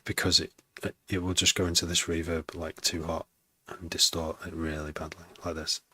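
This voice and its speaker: A man with a slight Wrexham accent chats casually to himself as he produces music. His voice sits very low. He muses aloud, breaks off mid-thought and restarts, and drops in wry, self-mocking asides. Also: little pitch movement, normal speed, bright, forceful tone, a little hiss or hum. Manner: musing aloud, trailing off and restarting. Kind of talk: casual self-talk while making music.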